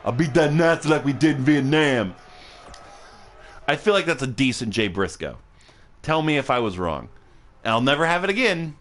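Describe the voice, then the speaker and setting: A man's voice: medium pitch, sharp tone. A man hosting a livestream, casually commentating a video game match, rambling and joking, laughing often and swearing, a little tipsy and punchy.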